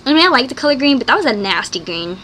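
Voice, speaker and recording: A woman chatting in a casual vlog, talking fast and gushing, with plenty of "like" and acted-out quotes. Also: sits high, background noise. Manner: excitable, acts out quoted lines. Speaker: vlogger. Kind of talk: casual vlog chat reviewing a movie.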